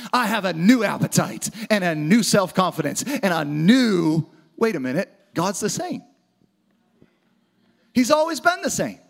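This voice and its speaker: A man preaching an energetic sermon to a church audience, often shouting for emphasis. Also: high voice, vocal fry. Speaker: pastor. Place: church auditorium with live audience.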